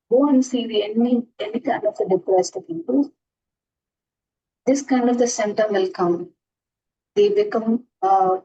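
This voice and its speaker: A woman lectures to her class in a warm, mellow voice, earnest and repetitive, often breaking off and restarting her sentences. The audio is dull and lo-fi, like an online class recording. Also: mid-range voice, a little hiss or hum. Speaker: astrology teacher.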